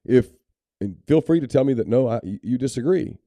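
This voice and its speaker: Man, podcast co-host, candid and opinionated, very mellow dark tone, dry sound. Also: mid-range voice, expressive, brisk, no echo. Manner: candid, opinionated, many restarts. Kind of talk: casual sports talk.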